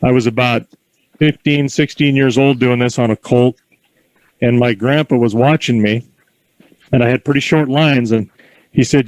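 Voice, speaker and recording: Calm folksy man coaching outdoors. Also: medium pitch, normal speed, pauses often, dry recording, low-quality recording. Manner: calm, encouraging, folksy storytelling. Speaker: horse driving instructor. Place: outdoor horse corral.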